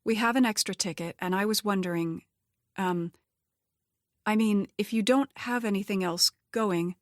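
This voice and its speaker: A woman's voice: mid-range voice, normal speed, no room sound, voice pushed up, natural voice. Hesitant, flustered widowed mother, read by a woman narrator, dry close recording. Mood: nervous, flustered. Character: nervous widowed mother, young adult woman.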